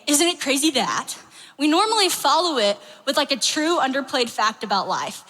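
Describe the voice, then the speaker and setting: A young woman gives a chatty, animated faith talk and leans on "like" all the way through. Her voice is high and bright. It rings with a long hall reverb. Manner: chatty, animated, says "like" often. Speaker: youth speaker.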